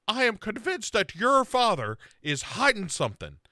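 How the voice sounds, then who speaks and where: A shrill, pushy young woman with a sugary, sing-song lilt, as a man puts her on. The voice leaps far above his own and swoops around a lot. The sound is dry and close. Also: wildly swooping pitch, normal speed, sharp tone, dry recording, full character voice. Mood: insistent. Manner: exaggerated falsetto mimicry.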